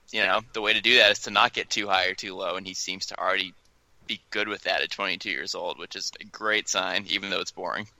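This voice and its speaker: Bright, dry-voiced man talking baseball. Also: fairly low pitch, no room sound, rough recording. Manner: chatty, mimics players in quotes. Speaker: sports podcast co-host. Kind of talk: casual sports talk.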